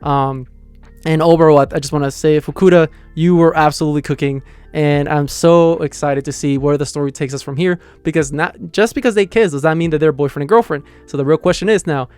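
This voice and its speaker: A young man talking through a manga chapter in a rambling, excited way, full of fillers and restarts. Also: fairly high pitch, a little fast, smooth, no echo, soft background music. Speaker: manga reviewer. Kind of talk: casual excited review.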